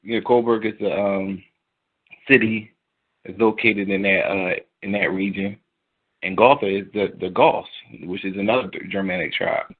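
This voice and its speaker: Low-voiced caller rambling over the phone. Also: male voice, steady tone, normal speed. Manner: rambling, lots of fillers and "you know what I'm saying". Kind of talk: casual call-in talk. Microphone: phone call. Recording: tinny phone line.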